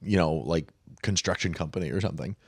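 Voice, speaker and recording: A man's voice: deep voice, fast, husky, dry recording, clean studio sound. A man co-hosting a casual podcast, joking loosely and laughing often. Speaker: podcast co-host. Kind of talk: casual chat.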